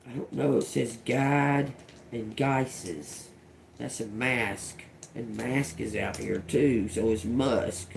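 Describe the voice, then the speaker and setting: Her voice is extremely low and gravelly, a touch mellow, and she takes her time, with a faint hiss or hum audible. She's a middle-aged woman reading tarot live on a stream, casual and profane, murmuring lone words as they come and giggling frequently.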